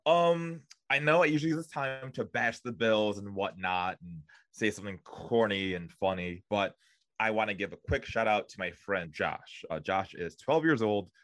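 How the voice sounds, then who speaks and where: Male sports podcast co-host, low-pitched, dry mic, deadpan joke teller. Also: moderate pace, no echo. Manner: joking, deadpan setup of jokes. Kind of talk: casual sports podcast chat.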